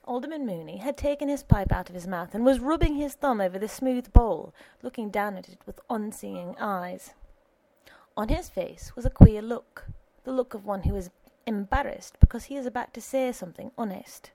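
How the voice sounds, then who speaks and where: A woman narrating an audiobook in an even, measured storytelling manner. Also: fairly high pitch.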